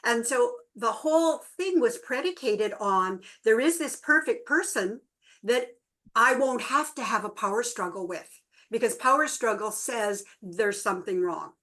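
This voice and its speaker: A woman's voice: on the high side, measured pace. A middle-aged woman co-hosting a relationship workshop, telling stories to a small group and livening up the quoted voices. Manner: storytelling, animated in quoted voices. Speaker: workshop co-host. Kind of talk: relaxed talk to a small group.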